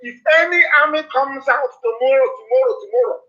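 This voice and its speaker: A man with a Nigerian accent delivers an impassioned political address, hammering his points with repeated warnings. His voice sits unusually high and cuts through with a bright, tense edge. The recording is dull and lo-fi, like a replayed broadcast. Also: brisk. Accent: Nigerian English. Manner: impassioned, denouncing, repetitive warnings. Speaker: activist broadcaster.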